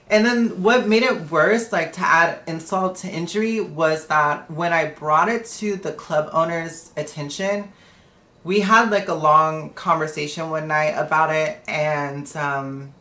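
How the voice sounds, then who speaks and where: Low-voiced blunt woman on a live stream. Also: fairly bright tone, reverberant. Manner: blunt and profane, retelling a confrontation. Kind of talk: casual storytime on a live stream.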